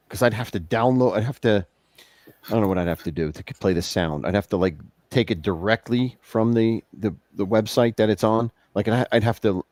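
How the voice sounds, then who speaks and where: A man with a lowish, lively voice hosts a livestream in a loose, rambling way, often restarting his sentences. The sound is dry and close. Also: no echo. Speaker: livestream host. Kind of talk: casual chat.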